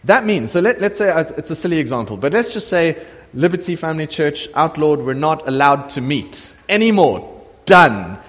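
Speaking on the high side at a normal speed, a middle-aged pastor delivers a sermon with lively storytelling, voicing the people he quotes. He is in a church sanctuary. Long reverb from the hall colors the sound.

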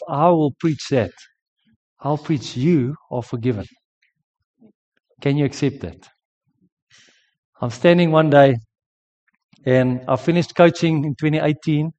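A man's voice: on the high side, a little mellow. Man preaching in a reverberant hall. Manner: earnest storytelling, personal testimony. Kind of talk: sermon. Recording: dull lo-fi sound with long hall reverb.

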